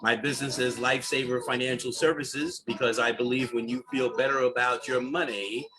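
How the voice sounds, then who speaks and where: A man's voice: medium pitch, steady tone, brisk, low-quality recording. A man with a Brooklyn accent, a financial coach reading out a guest introduction on a video call, chatty and full of fillers. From New York. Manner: chatty, many fillers and restarts.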